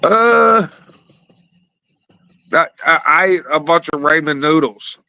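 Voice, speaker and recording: A man's voice: fairly high pitch, slow, vocal fry, sharp tone, no echo, low-quality recording. A man telling rambling, profane stories in a casual interview, laughing along as he goes. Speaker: wrestler, interview guest.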